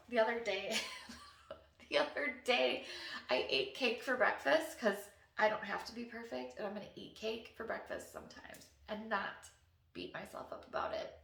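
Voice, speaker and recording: A woman's voice: medium pitch, gravelly, a bit bright, roomy sound, far from the mic. A woman wellness coach, talking unscripted and earnestly to camera, encouraging and sometimes emotional. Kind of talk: unscripted heartfelt talk to camera.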